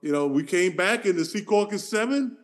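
A middle-aged man with a fairly high voice, co-hosting a podcast. He tells stories in a loose, animated way, laughs between lines and slips into voices for the people in them. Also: fairly quick. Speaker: podcast co-host. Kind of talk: casual storytelling chat.

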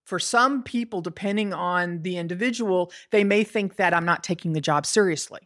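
A woman talking casually in an interview about negotiating, easygoing and quick to laugh. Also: fairly low pitch, a bit bright. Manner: easygoing, laughs often, jokey. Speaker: guest, semiconductor negotiator.

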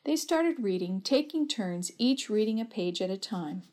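A woman reads a family story aloud with a steady, gentle delivery. Her narration is plain and even-paced, in a storytelling style. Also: mid-range voice, moderate pace.

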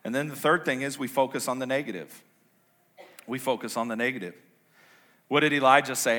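A man preaching a sermon as pastor, conversational and playful, swinging between quiet low stretches and loud high bursts. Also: fairly quick. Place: large church sanctuary.

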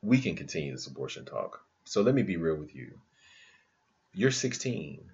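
Deep-voiced man hosting a heated podcast chat. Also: big pitch swings, moderate pace, darkish tone, highs cut off. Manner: impassioned, talks in bursts, says "you know what I mean" often. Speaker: podcast host.

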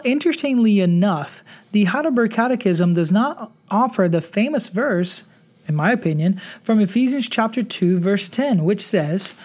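A preacher hosting a devotional podcast, teaching in a measured way and reading scripture passages aloud. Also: medium pitch, darkish tone.

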